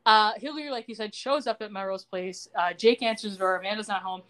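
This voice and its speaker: A woman's voice: mid-range voice, fast talker, fairly bright tone. Chatty woman recapping a TV episode. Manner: chatty and loose, with frequent fillers and asides. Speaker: podcast co-host. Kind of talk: casual recap chat.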